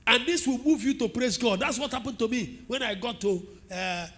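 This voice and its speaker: Nigerian pastor, middle-aged man, lively storytelling sermon, high tense voice. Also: moderate pace. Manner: animated storytelling preacher, asks the congregation questions.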